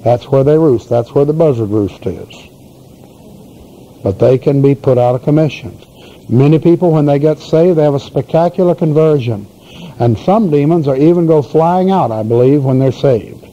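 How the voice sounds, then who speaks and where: Folksy preacher with a dark, mellow voice. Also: male voice, on the high side, normal speed. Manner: folksy, emphatic storytelling preaching. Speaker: pastor. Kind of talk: sermon. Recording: dull lo-fi recording with faint hiss.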